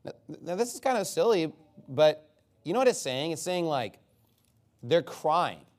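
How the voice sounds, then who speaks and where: A man preaching an expository sermon, animated and mocking, reading scripture aloud and breaking into impressions. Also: fairly high pitch, unhurried.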